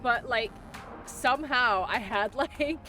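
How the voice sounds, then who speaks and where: A woman's voice: fairly high pitch, takes it slowly, pushed and bright, soft background music. A woman streamer chatting casually while playing, giggling often and rambling with lots of fillers and swearing. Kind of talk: casual gaming chat.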